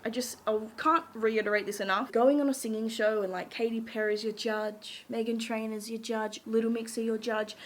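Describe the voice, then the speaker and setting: A woman's voice: fairly high pitch, steady tone, moderate pace, few pauses. A young woman chatting casually, bubbly and giggly, gushing as she recaps a show. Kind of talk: casual chat.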